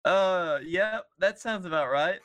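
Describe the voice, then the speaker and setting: A man co-hosts a comedy podcast, laughing often and chiming in with teasing remarks. His voice sits high and sounds bright. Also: slow pace. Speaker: podcast co-host. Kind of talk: casual comedy chat.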